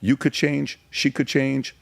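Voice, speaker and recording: A man in his forties who grew up in Iran talks as a podcast guest at a mid-range pitch, pressing his points with rhetorical questions. His voice is close and dry on a studio mic, with no room sound. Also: flat delivery, unhurried, gravelly, no room sound. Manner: emphatic, fires rhetorical questions. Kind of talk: casual storytelling interview.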